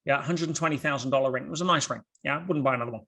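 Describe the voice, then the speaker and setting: A man talking as a guest on a podcast, telling stories in an animated way with rhetorical questions and quick restarts. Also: mid-range voice. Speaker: podcast guest, motivational speaker. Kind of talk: podcast conversation.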